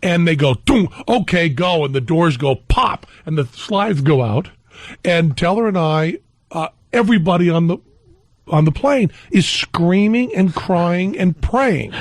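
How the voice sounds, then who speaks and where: A man's voice: high voice, animated, unhurried, no room sound. A man telling a comic anecdote on a talk radio show as a guest, laughing at his own story.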